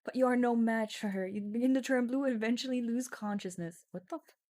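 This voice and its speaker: A woman's voice: a little high, fairly quick, warm tone, dry recording. A woman streaming a text adventure game, reading the story aloud with casual swearing and sudden drops into whispers.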